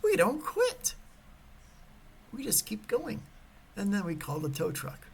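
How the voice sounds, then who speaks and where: A man giving a motivational talk and telling a personal story. He is animated and swings between loud emphasis and hushed whispers. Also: high voice, slow, creaky, a little hiss or hum, rough recording. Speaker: motivational speaker.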